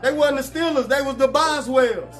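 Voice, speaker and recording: A man hosting a casual sports talk show, animated and joking, full of slang. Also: extremely high pitch, moderate pace, soft background music.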